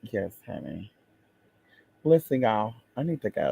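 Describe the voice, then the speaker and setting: Sassy, lively man chatting. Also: fairly high pitch, normal speed, creaky, highs cut off. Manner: sassy, expressive, exclaims and drawls. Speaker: vlogger. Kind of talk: casual chat to viewers.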